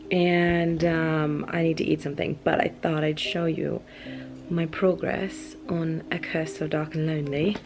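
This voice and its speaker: A young woman from Southern California talks casually to her camera at home. Her voice sits a little low, and her speech is loose and chatty, full of fillers and light laughs. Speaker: book vlogger. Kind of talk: casual vlog chat. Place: at home indoors.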